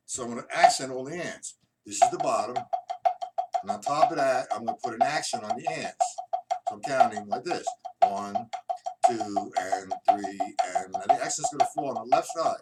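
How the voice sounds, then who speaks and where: A man's voice: mid-range voice, animated, moderate pace, very noisy. A man teaching a drum lesson on a live stream, counting beats aloud in a loose, chatty way. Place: drum room at a kit. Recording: far from the mic, loud music and drums behind. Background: loud drumming.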